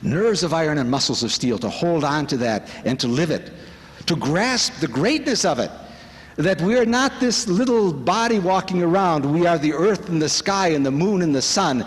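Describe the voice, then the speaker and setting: A man gives a spiritual talk in a large conference hall, his fairly high voice swinging widely as he builds to fervent, exclamatory questions. A long reverb trails every phrase and carries it across the room. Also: expressive, normal speed. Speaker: speaker at a spiritual retreat.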